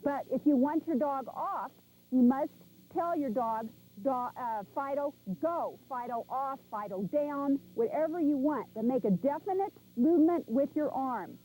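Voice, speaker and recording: A woman's voice: sits high, lively intonation, a little slow, dark tone, low-quality recording. A woman animal trainer leading a class, talking casually and repeating commands with firm emphasis. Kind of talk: instructional class talk. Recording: VHS video recording.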